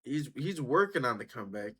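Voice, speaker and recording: A man reacts casually to clips on camera, with a husky, slightly rough voice. He talks in loose, blunt, profane slang and keeps it laid-back even when he's fired up. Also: mid-range voice, brisk. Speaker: reaction video host.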